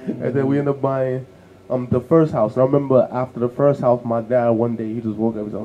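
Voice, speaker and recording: Warm-voiced man telling stories animatedly. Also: medium pitch, fairly quick, a little hiss or hum, low-quality recording. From New York City. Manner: lively storyteller who acts out family voices. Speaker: co-host. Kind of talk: casual podcast conversation.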